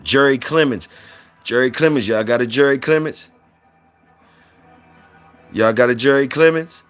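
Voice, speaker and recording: A man's voice: medium pitch, a little slow, long pauses, soft background music. A man hosting a casual livestream, reading out viewer comments and saluting people in a loose, repetitive drawl.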